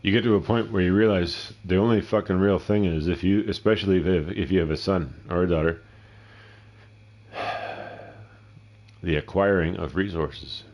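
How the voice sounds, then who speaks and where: Man, middle-aged, very deep voice, rambling gameplay commentary, swears constantly, mutters to himself. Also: steady tone, normal speed, long pauses, muffled recording. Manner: profane, rambling, talks to himself. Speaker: gameplay streamer.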